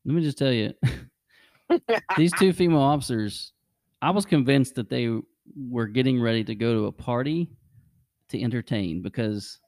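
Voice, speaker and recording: A man's voice: medium pitch, normal speed, a little mellow, dry recording, clean studio sound. A man hosting a podcast, rambling casually through travel stories and chuckling often. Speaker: podcast host. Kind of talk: casual chat.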